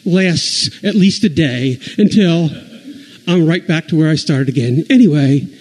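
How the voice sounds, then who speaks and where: A man telling a rambling, self-deprecating stand-up story with many halting restarts. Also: fairly high pitch, darkish tone, poor audio. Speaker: comedian.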